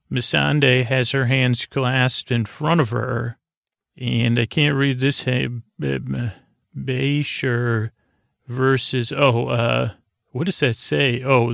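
A man's voice: medium pitch, gravelly, fairly bright tone, no room sound. A male podcast host giving a casual, rambling recap of a TV episode and often correcting himself mid-sentence. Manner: rambling, loose, self-correcting.

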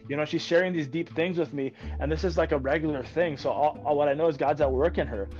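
A man, a military veteran and podcast guest, telling faith stories in an earnest, excited way. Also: a little high, fast talker, muffled recording, soft background music. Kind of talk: conversational podcast interview.

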